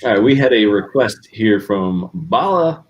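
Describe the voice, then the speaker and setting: A man co-hosting a casual livestream, talking in a relaxed way as he walks through a chart. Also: lowish voice, a little slow, muffled recording. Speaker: crypto livestream co-host.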